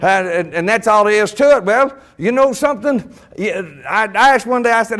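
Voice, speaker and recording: A middle-aged man preaching a sermon, folksy and animated, breaking into shouted bursts. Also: sits high, moderate pace, hardly any pauses.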